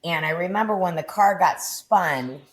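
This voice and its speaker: Deep-voiced middle-aged woman, podcast guest, intense candid storytelling, swears often. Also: expressive. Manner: intense, swearing, low and deliberate.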